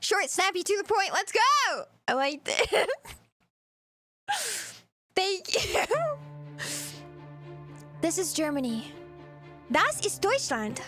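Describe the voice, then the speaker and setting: A woman's voice: very high voice, very animated, slow, pauses often, pushed and bright. A woman streamer giggling through a casual reaction stream, sounding out place names as she goes. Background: background music.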